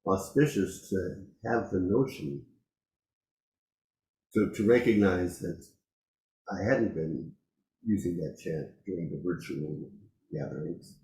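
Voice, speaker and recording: A man giving a dharma talk as a Zen teacher, reflective and unhurried, pausing often and laughing softly. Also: low voice, reverberant, rough recording. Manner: slow, reflective, with frequent pauses and soft laughs.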